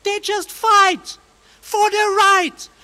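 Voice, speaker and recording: Very high-pitched woman chanting rowdily. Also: flat delivery, extremely slow, bright, forceful tone. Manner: rowdy chanting. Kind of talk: playful banter while gaming.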